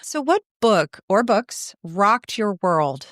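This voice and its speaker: A woman's voice: mid-range voice, very animated, dry recording, studio quality. A woman hosting a podcast in a playful, enthusiastic casual chat. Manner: playful, enthusiastic, quick to laugh. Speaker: podcast host.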